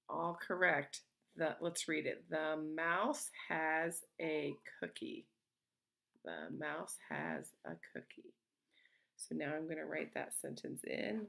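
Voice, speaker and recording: A woman teacher giving a slow, patient and encouraging lesson to young children from home. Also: on the low side, a bit bright. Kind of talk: remote early-grade lesson.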